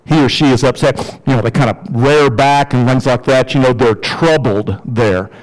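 A man preaching a sermon as pastor, in a conversational, emphatic way, with sudden rises in pitch for emphasis. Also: moderate pace, rough recording.

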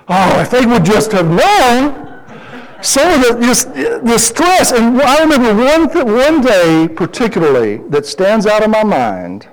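A middle-aged pastor preaches a sermon and tells a personal story, lively and animated, his voice jumping high whenever he quotes himself. He speaks a little slowly, and the audio is poor.

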